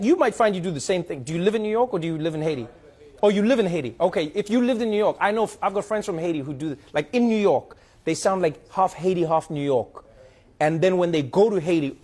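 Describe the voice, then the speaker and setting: A man, a comedian host, chatting casually and telling stories to a studio audience. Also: high-pitched. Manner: chatty, animated storytelling.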